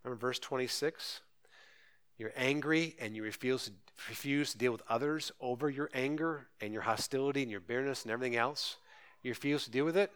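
A man's voice: mid-range voice, fairly quick, fairly bright tone, smooth. A man pastor preaching a sermon, earnest and urgent, pressing listeners with rhetorical questions.

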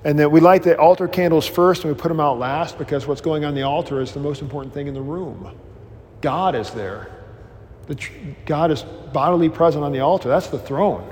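A pastor teaches a class in a casual, rambling way, breaking into animated storytelling and joking at his own expense. His voice sits a little high for a man, and it carries a long reverb from a large hall. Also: brisk, slight background noise. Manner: self-deprecating humor. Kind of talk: informal Bible class teaching.

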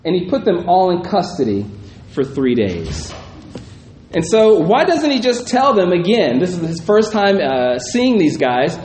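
A pastor reading scripture aloud and then musing on it in a conversational teaching style, often checking in with "right?". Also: male voice, high-pitched, sing-song, slow pace, a little mellow. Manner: reads scripture, then muses aloud with frequent "right?" asides. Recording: roomy echo, faint background noise.

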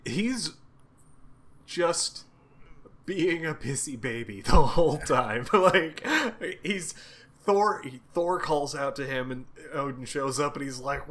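A man with a bright, forceful voice chats casually about comic books. He curses freely, laughs often and slips into short character voices to retell scenes. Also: fairly high pitch, takes it slowly. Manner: profane, laughing, acts out characters' lines. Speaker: podcast co-host. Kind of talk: casual comic book discussion.

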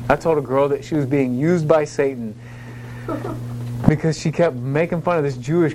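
A man delivers a sermon in a fairly high voice, moving from relaxed storytelling into urgent, passionate appeals. Steady noise and passing vehicles run under the recording. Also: normal speed, low-quality recording. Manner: passionate, builds to urgent raised pleading; casual asides and storytelling. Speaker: preacher teaching on evangelism.

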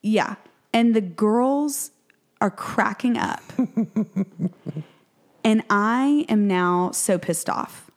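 Speaking very slowly and pausing often, a forties-aged podcast co-host tells a story in relaxed conversation. She acts out the quoted lines with lively shifts in pitch.

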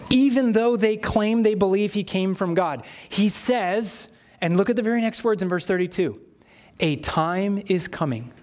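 Male pastor, higher voice, expressive sermon delivery that dramatizes the scripture he quotes.

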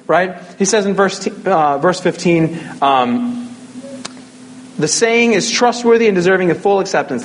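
High-voiced man preaching casually. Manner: casual, conversational preaching with jokes. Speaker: pastor. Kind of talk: sermon.

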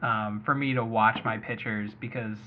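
A man's voice: on the low side, steady tone, moderate pace, a little hiss or hum. A man hosting a casual sports podcast, chatty and thinking aloud with lots of hedging. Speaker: fantasy baseball podcast host. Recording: muffled lo-fi audio.

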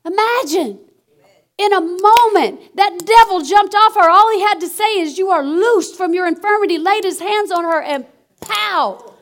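A woman preacher delivering an animated sermon, calling out to her congregation. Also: extremely high pitch, a little slow. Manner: animated, call-and-response preaching with exclamations.

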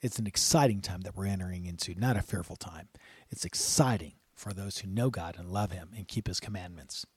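A man's voice: sits low, fairly quick, breathy edge, no room sound. A man hosting a Christian radio talk show, telling stories and urging listeners not to fear. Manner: earnest and encouraging, rising to exhortation.

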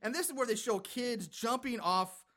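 A man's voice: very high voice, normal speed, pushed and bright. A man casually recapping a horror film with a co-host, rambling with lots of fillers and the odd swear. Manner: rambling, profane, laughing recap with many fillers. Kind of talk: casual chat.

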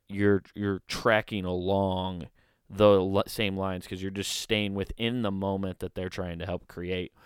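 Easygoing low-voiced young man riffing. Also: smooth, no room sound, clean studio sound. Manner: rambling, jokey, riffs into bits. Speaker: vlogger. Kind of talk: casual comedic commentary.

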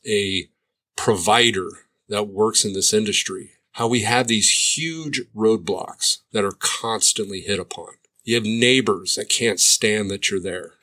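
Bright-voiced man asking sarcastic questions. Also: on the low side. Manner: pointed, sarcastic rhetorical questions. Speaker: addiction treatment provider. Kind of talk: commentary monologue.

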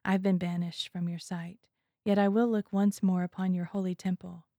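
A woman's voice: lowish voice, level tone, moderate pace, dark tone, no echo, studio quality, lightly acted. A woman reading as a solemn, praying prophet. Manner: solemn, prayerful. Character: repentant male prophet, solemn and humble.

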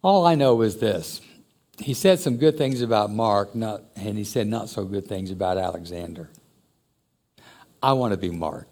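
A man's voice: lowish voice, moderate pace, darkish tone. A man preaching a sermon in a conversational, reflective way that builds to emphatic exhortation. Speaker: pastor.

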